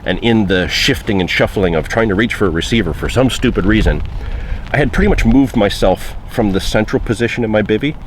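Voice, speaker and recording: A man with a very low voice tells a fishing story in a loose, conversational way, leaning on fillers as he goes. Faint outdoor noise sits behind him. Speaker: angler recounting a trip. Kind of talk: casual spoken anecdote.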